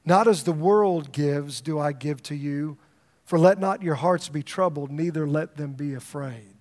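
A man's voice: on the high side, normal speed, a little mellow. A middle-aged man, a pastor, preaching a sermon in a conversational storytelling way, often repeating words as he starts a thought.

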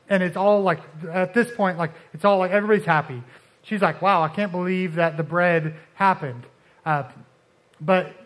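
High-voiced casual male preacher. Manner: conversational, uses filler like and restarts, dramatic drops to soft. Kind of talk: casual sermon.

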